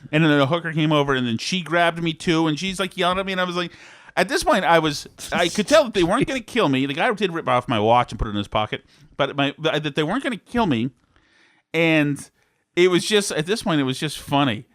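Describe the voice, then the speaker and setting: A man from Massachusetts co-hosting a podcast, telling a long anecdote in a rambling, animated way. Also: a little high, fast, dry recording, clean studio sound. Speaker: podcast co-host. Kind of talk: casual chat, storytelling.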